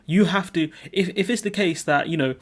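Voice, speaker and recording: A man's voice: high-pitched, moderate pace, fairly bright tone. A young man giving casual, opinionated commentary on the news, with many fillers and an informal manner.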